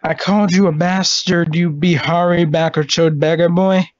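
A man making a prank call, taunting and insulting the person on the line with drawn-out mocking phrases. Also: fairly high pitch, fairly even intonation. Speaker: prank caller. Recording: muffled lo-fi recording.

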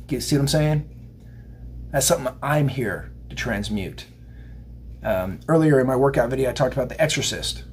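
A man's voice: mid-range voice, slight background noise. A man giving a casual spiritual tarot reading to camera. He rambles and speaks straight to his viewers. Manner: rambling, chatty, addresses viewers directly. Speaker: tarot card reader.

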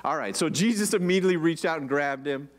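A man's voice: on the high side, fast. A man preaching a casual sermon, chatty and joking, with rhetorical questions and many "like"s. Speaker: pastor.

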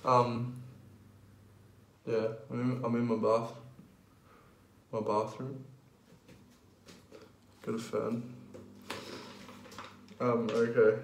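A man chatting casually to camera from his bathroom, hesitant and full of ums and pauses. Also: medium pitch, flat delivery, far from the mic, a little hiss or hum. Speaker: vlogger. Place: home bathroom. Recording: echoey small bathroom.

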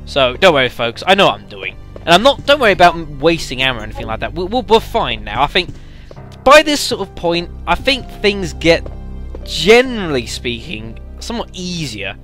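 A man giving casual, chatty let's play commentary, speaking to viewers as folks with lots of halting fillers. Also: on the high side, wildly swooping pitch, a bit bright, faint music behind.

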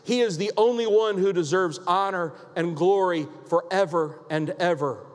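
A pastor preaching a sermon in a church, emphatic and repetitive, asking rhetorical questions. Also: male voice, high voice, normal speed. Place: church sanctuary. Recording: long hall reverb.

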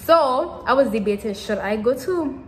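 A woman's voice: high voice, expressive, normal speed, slight background noise, poor audio. Teenage girl rambling through a personal story. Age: teens. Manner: rambling, repeats herself with many fillers. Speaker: vlogger. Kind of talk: casual storytelling to camera.

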